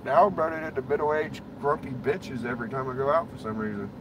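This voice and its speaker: A man's voice: mid-range voice, fast talker. Foul-mouthed man ranting over road noise. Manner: profane, rambling, blunt. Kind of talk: casual ranting chat. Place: inside a car. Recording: clear road and engine noise.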